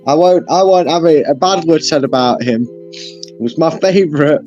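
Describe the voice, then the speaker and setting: Gushing emotional football fan. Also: male voice, on the high side, normal speed, a little mellow, highs cut off, faint music behind. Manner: gushing, emotional, with frequent restarts. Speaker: fan channel co-host rating players. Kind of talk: casual chat.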